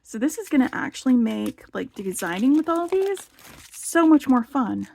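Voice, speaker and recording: A woman's voice: high-pitched, big pitch swings, moderate pace, gravelly, warm tone. A woman hosting a casual show-and-tell vlog, chatty and enthusiastic, with lots of "like" fillers. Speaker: beading channel host.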